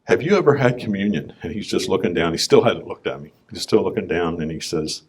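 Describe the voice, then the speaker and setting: A man, a business owner, giving a conversational personal testimony talk on a conference stage, clearing his throat now and then. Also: low-pitched, lively intonation, a little fast, darkish tone.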